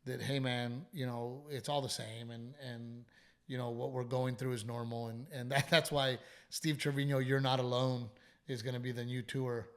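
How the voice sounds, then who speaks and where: Man, comedy podcast host, animated storyteller, casual swearing. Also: mid-range voice. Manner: animated storytelling, frequent swearing, quick asides. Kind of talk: casual chat.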